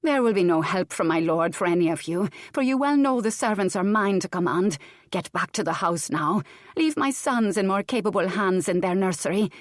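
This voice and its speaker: A woman's voice: fairly low pitch, dry recording, clean studio sound, natural voice. A woman reading an audiobook voices a haughty, vengeful noblewoman who screams and threatens in melodramatic outbursts.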